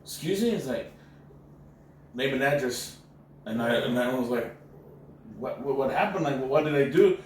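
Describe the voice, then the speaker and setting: An animated man from Mexico, a native Spanish speaker, who tells stories in a loose, slangy way, full of "bro"s and restarts. He is picked up from a distance by the mic. The room is very echoey, with a faint hiss behind him. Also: mid-range voice, fairly quick. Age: adult, former university professor. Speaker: podcast host. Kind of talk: casual storytelling chat.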